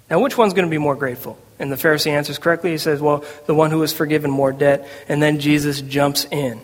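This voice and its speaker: A man's voice: fairly high pitch, fairly even intonation, fast talker, hardly any pauses. A man preaching a sermon to a congregation, conversational and humorous. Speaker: pastor. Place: church sanctuary. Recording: long reverb of a church hall.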